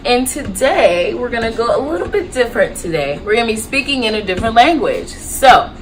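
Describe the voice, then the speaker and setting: A young adult woman, a nurse, hosting a casual teaching vlog in an upbeat, lively way, slowing down to model phrases. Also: fairly high pitch, slight background noise, low-quality recording. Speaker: nurse and YouTube host.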